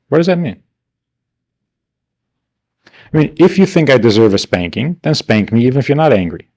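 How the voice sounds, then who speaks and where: A rabbi gives a class with a lively pitch that swings up and down. He speaks rhetorically and plays out the voices of the people he quotes. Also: fast talker. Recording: archival 1992 class recording.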